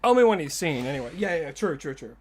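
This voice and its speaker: A man's voice: fairly high pitch, sing-song, quick pace, husky. A man with an Australian accent streaming a game live and chatting casually with viewers in a joking way, his voice prone to cracking. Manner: jokey, greets and answers chat readers. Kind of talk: casual live-stream chat while gaming.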